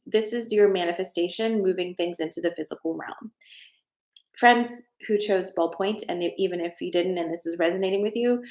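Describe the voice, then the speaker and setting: A woman's voice: mid-range voice, roomy sound, low-quality recording. A woman hosting a casual live-stream card reading from her home, chatty and heartfelt as she reads viewer comments. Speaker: host. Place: at home, in a room of her house.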